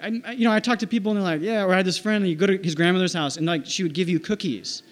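A man telling a personal story in a halting, reflective way, with many restarts and "like"s. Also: sits high.

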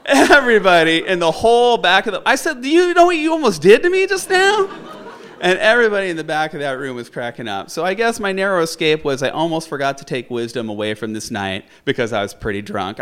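A man telling a funny personal story, animated and often laughing, acting out the people in it. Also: medium pitch, a little fast. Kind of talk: personal story told to an audience.

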